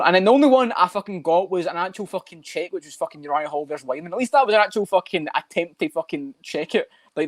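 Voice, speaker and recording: A man talking fast and loose on a podcast, swearing often and breaking into mock voices for laughs. His voice sits a little high and sounds close and dry, with no room around it. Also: no echo. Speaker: podcast co-host. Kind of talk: casual chat.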